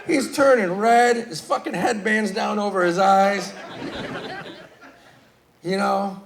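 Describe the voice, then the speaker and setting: A man doing a stand-up set, telling stories with swearing and sudden loud bursts. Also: sits high, steady tone, slow, gravelly, some chatter behind, a little hiss or hum. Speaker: stand-up comedian. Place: live comedy stage.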